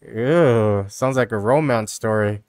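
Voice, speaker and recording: A man's voice: medium pitch, slow, a little mellow. A man live-streaming casual reaction commentary, rambling and mocking, with lots of "you know" and "dude".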